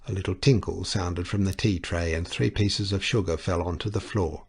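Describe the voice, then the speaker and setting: A man reading a novel aloud as an audiobook narrator, steady and measured. His voice sits somewhat low for a man, unhurried and even. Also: vocal fry, breathy edge. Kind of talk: scripted narration.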